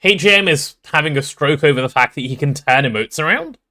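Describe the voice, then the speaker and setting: A man's voice: a little high, expressive, a little fast, sharp tone. A man streaming a game live, chatting casually and playfully with his viewers, greeting them and repeating words as he reacts.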